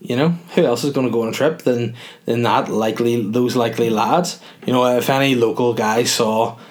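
A man hosting a podcast, spinning a loose, rambling anecdote full of self-mocking asides. His voice sits in an ordinary mid-range pitch. He talks casually, as if to friends. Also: steady tone, normal speed. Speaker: podcast host. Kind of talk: casual storytelling monologue.

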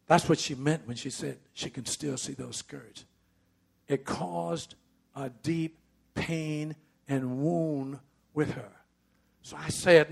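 A man's voice: fairly high pitch, a little slow, vocal fry, slightly rough. A middle-aged man preaching a sermon in a conversational storytelling way, slipping into the voices of the people he tells about.

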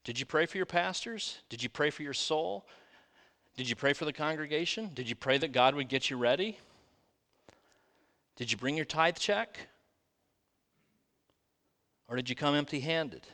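Animated preaching man in a reverberant hall. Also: a little high, moderate pace, pauses often. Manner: lively preaching with rhetorical questions. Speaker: pastor. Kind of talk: sermon. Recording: long reverb of a large room.

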